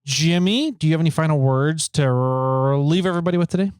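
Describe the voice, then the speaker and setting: A man's voice: fairly high pitch, lively intonation, fairly quick, a little mellow, clear, resonant tone, no room sound, studio quality. A man co-hosting a podcast in casual, upbeat chat, often laughing and giving short agreeing replies. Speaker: podcast co-host.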